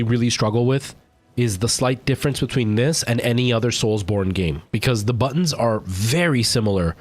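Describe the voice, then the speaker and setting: A man streaming a game live, rambling and thinking aloud as he plays, often poking fun at himself. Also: medium pitch. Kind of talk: live gameplay commentary.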